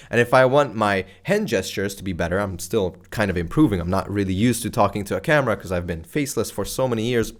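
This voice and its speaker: Speaking close to a mic that faces the camera, a man with a lowish voice gives video creators a high-energy talking-head lesson on YouTube strategy. He is animated, casual, and full of slang, loud and playfully exaggerated in his excitement.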